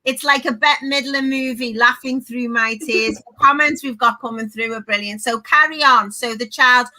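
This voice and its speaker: A woman's voice: fairly high pitch, fairly even intonation, normal speed, bright, forceful tone. A woman co-hosting a casual live online chat, reading out viewer comments and urging the guest on over a video call. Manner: chatty, reads out viewer comments. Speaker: co-host.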